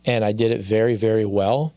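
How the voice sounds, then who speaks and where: A man with a gravelly, creaky voice talks as a podcast guest and reflects openly on his life. He often circles back and repeats his phrases. The sound is close and dry, with no room echo. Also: lowish voice, steady tone, a little fast, dark tone. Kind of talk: candid podcast conversation.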